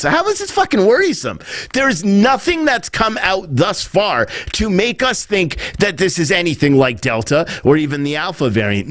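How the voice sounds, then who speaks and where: A man's voice: fairly high pitch, no echo. A man hosting a casual live-stream commentary show, swearing freely and laughing at himself. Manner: animated, laughing, swearing, self-mocking. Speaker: political commentary show host.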